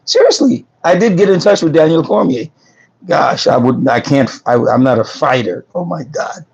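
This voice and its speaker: A man's voice: on the high side, animated, moderate pace, creaky, a little mellow, husky. Chatty man on a lo-fi phone livestream. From New York. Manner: laughing, joking, talks to viewers directly. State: losing his voice. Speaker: food truck business livestream host. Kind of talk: casual livestream chat reading comments.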